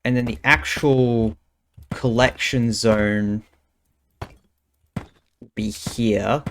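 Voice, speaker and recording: Young male streamer, relaxed slow pace, mid-range voice, casual muttering commentary. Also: mid-range voice, slight background noise. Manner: thinking aloud, muttering counts under his breath.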